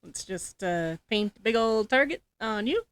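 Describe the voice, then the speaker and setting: A woman's voice: fairly high pitch, expressive, measured pace, clear, resonant tone, no echo. A woman co-playing in a casual let's-play chat, easygoing and agreeing along. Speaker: co-player.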